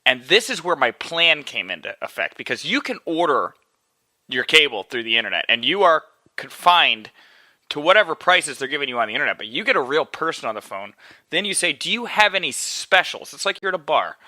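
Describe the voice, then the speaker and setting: In a dry recording, a young podcast host with a fairly high-pitched voice speaks briskly. Alone in his apartment, he launches into a casual, profanity-laced rant about a phone call, animatedly quoting and imitating the people he spoke with.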